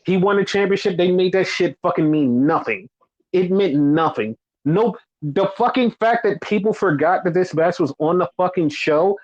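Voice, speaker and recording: A man with a fairly high voice rants on a casual podcast, cursing constantly and slipping into mocking sarcastic impressions. The audio is dull and lo-fi. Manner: angry profane ranting, mocking sarcasm. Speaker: podcast host. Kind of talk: casual chat.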